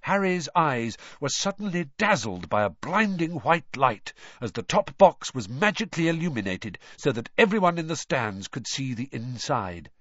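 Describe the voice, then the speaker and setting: A man reading a storybook aloud in an animated, expressive narration. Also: mid-range voice, moderate pace, hardly any pauses, dry recording, muffled recording. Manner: animated, shifts voice for characters. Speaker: audiobook narrator.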